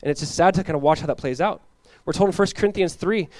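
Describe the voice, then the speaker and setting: A man's voice: on the high side, no room sound. A man preaching an expository sermon as pastor, acting out the characters he talks about. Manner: animated, acts out biblical characters in quick voices.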